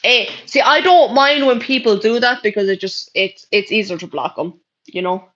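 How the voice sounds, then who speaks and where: A woman's voice: mid-range voice, moderate pace, a bit bright. A young Irish woman streaming live, reading chat messages aloud in brash, sweary casual talk. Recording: dull lo-fi stream audio.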